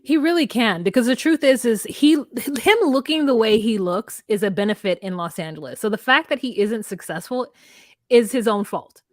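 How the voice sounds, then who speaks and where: Woman cohost, high voice, sarcastic and firm, super dry close mic. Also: expressive, moderate pace, dry recording. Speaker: podcast co-host. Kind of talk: casual recap chat.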